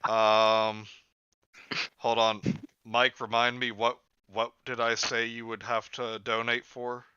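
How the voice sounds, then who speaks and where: A man hosting a casual comedy podcast, talking in a deadpan, self-deprecating way. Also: mid-range voice, takes it slowly, smooth, no echo, muffled recording. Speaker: podcast host.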